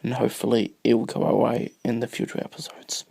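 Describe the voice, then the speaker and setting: Recorded dry on a phone camera, this sick video blogger has a medium-pitched, creaky, dark and husky voice. He coughs and talks fast in a flat, rambling monologue, easily distracted and slipping into whispers as he speaks to his viewers.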